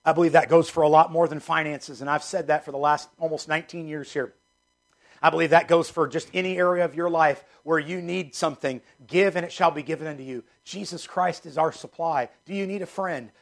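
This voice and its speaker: A middle-aged man preaching a sermon in a gravelly, slightly high voice. He hammers key phrases again and again and moves from ringing emphasis to quiet, low asides. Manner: emphatic, repeats key phrases, swings from loud to hushed. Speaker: pastor.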